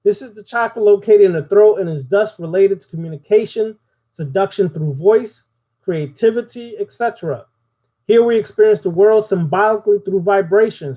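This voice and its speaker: A man's voice: sits high, darkish tone. A man giving a spoken occult lesson, preaching and putting questions to his audience. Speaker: occult teacher.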